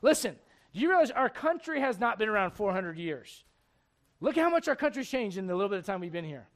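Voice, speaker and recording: A man preaching a sermon, telling a Bible story in a lively, conversational way, acting out the characters and asking his listeners questions. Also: high voice, a little fast. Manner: animated storytelling, acts out characters, asks the crowd questions. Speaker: pastor.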